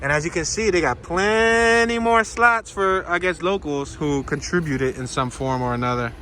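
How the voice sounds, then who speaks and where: A man's voice: fairly high pitch, normal speed, pushed and bright, soft background music. A man vlogging casually on a walking tour outdoors by a pond, playful and slangy as he jokes around. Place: outdoors by a pond in cold weather.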